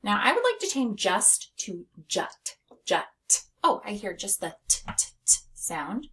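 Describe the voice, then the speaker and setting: A woman reading teacher leading a phonics lesson for young children, slowly and clearly sounding out letters and words. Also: mid-range voice, huge pitch swings, pushed and bright. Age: adult.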